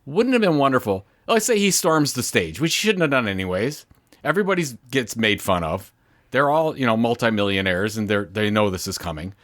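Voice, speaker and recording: A man's voice: mid-range voice, expressive, fairly quick, a bit bright, dry recording, clean studio sound. A man co-hosting a marketing podcast, chatting casually and ranting with an indignant edge. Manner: indignant, stumbling rants. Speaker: podcast co-host. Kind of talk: casual chat.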